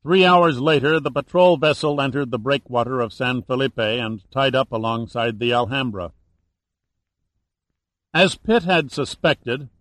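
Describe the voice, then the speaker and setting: A man narrating an audiobook in a steady, even storytelling manner. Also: medium pitch, dry recording.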